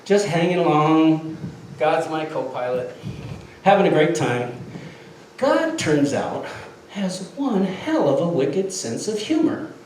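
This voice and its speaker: A man's voice: on the high side, slow. A man in his fifties telling a comic tall tale with lots of laughter. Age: 50s. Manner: animated, laughing often. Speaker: storyteller. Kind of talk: comic storytelling skit. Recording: echoey room from far off, faint noise.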